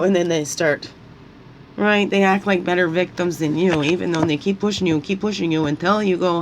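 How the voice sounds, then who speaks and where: A woman's voice: low voice, fairly even intonation, a little fast, slight background noise, poor audio. A woman talking through her feelings in an emotional, rambling monologue, at times crying and repeating her words as her voice rises. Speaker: spiritual guidance vlogger.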